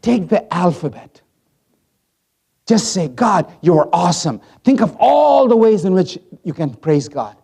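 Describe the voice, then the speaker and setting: A male pastor preaching a sermon, swinging from hushed asides to loud acted-out lines. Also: high voice, a little slow, gravelly, husky. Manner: animated, swings from hushed to loud, acts out voices.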